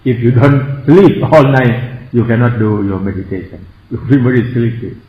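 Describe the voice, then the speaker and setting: A man with a Thai accent, a native Thai speaker, teaching a meditation class, explaining words slowly and spelling them out, joking at his own expense and chuckling often. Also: mid-range voice, slight background noise. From Thailand. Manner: self-mocking humor, chuckles often. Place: meditation hall. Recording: echoey room, dull lo-fi sound.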